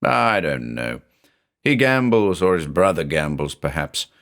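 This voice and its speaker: A man narrator slips into a shifty middle-aged landlord, wheedling and defensive, with his words in short broken pieces. His voice rides higher than the narration and swings around a lot as he excuses himself. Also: very animated, a little slow, fairly bright tone, full character voice. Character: uneasy middle-aged male landlord with foreign lilt.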